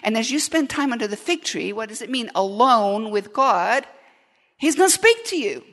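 Woman preaching, chatty and jokey, kinda high voice, big hall echo. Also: normal speed. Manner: lively, joking, asks the congregation questions. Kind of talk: conversational sermon. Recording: long reverb of a large hall.

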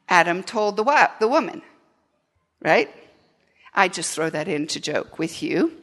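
A woman preaching a lively sermon, animated and often asking the audience questions. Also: medium pitch, in a large hall.

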